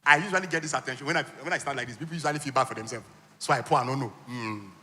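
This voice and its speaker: A man's voice: mid-range voice, racing, bright, forceful tone. A man with a Nigerian accent giving an interactive teaching talk at a conference, quizzing the audience with call-and-response questions and teasing asides. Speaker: conference speaker teaching on wealth. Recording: long hall reverb.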